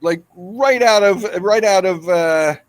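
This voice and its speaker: High-voiced man telling a comic story. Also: takes it slowly, no room sound. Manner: animated, excitable, with laughs. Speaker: guest. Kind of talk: comedic storytelling.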